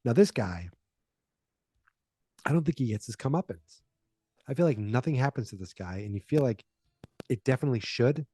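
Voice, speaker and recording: Male podcast host, relaxed and dark-toned, rambling chatty recap, dry booth sound. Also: medium pitch, normal speed, long pauses, husky, dry recording. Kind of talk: casual movie recap.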